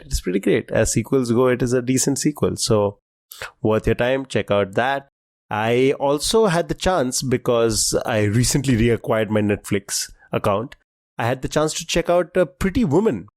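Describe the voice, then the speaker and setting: Male quiz co-host, casual and eager, mid-pitched, dry close sound. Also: a little mellow, no room sound. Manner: chatty, enthusiastic, thinks aloud. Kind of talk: casual chat.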